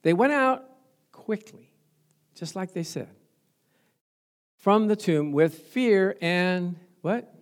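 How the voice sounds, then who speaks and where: A man's voice: high-pitched, lively intonation, slow, long pauses. A male pastor preaching a sermon in a conversational way, asking the congregation rhetorical questions and acting out little stories. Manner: storytelling, acting out remembered exchanges.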